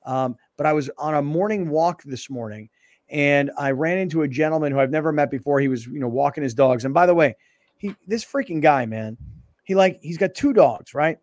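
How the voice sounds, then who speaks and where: A male radio and TV show host chatting casually in a studio and acting out stories with lively dialogue. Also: fairly high pitch, brisk, no room sound. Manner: animated storyteller, acts out dialogue. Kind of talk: casual sports talk show chat. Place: broadcast studio. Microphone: studio microphone.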